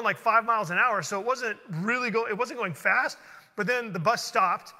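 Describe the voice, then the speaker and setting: A man preaching a sermon as a pastor, telling a personal story with earnest energy that builds into quick excited bursts before settling into prayer. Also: high voice, long reverb tail. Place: church sanctuary.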